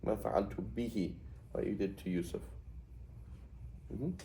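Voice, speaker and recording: A man's voice: sits low, normal speed, vocal fry, warm tone, a little hiss or hum, poor audio. A middle-aged man teaching a Quranic Arabic class in a conversational way, often checking with "right?". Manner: explains with frequent "right?" checks.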